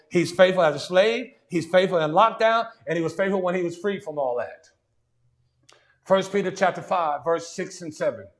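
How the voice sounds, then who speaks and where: A man preaching a sermon in a conversational way, often saying "see" and "watch this" and restarting his sentences. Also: sits high. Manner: frequent restarts and stammered repeats.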